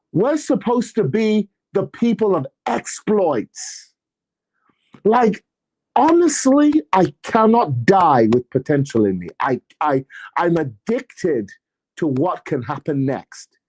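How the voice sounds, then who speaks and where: Energetic preacher man. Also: sits high. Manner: energetic, sarcastic, preacher-like emphasis. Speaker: apostle and church leader. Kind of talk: motivational faith and money talk.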